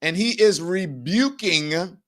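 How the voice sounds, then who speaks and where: A man's voice: sits high, expressive, slow pace, a bit bright. A middle-aged man hosting his own show, chatting in a rambling, effusive way before turning to emphatic news commentary. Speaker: show host.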